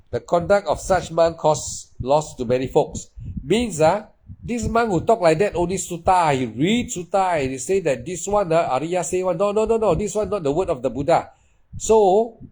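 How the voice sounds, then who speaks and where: A man's voice: a little high, darkish tone, low-quality recording. Emphatic man. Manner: repetitive, emphatic, with non-native English grammar. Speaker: meditation teacher. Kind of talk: dharma talk.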